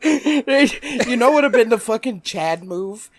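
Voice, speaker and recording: Slow-talking podcast co-host, laughing along. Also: medium pitch, lively intonation, no room sound. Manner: short reactions, laughs often, bursts of swearing. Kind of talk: casual chat.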